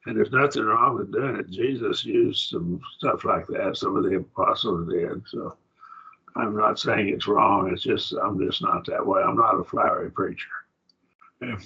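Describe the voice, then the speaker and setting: A plainspoken, folksy man, a preacher, teaching a slow Bible Greek grammar lesson to a class. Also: fairly low pitch, vocal fry, pushed and bright, slightly rough. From rural. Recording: dull lo-fi classroom recording.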